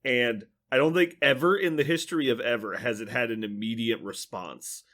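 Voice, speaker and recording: A man's voice: medium pitch, normal speed, fairly bright tone. A man hosting a podcast, chatting casually and trailing off at the end of his phrases. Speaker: podcast host. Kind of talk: casual chat.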